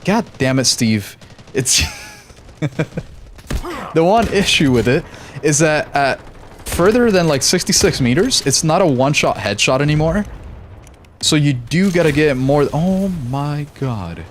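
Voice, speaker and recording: A man's voice: a little high, expressive, measured pace, long pauses, slight background noise. A young American man streaming a shooter game, chatting casually with his chat and laughing often. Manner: laid-back, laughs often, reads chat aloud. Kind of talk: casual live-stream chat while gaming.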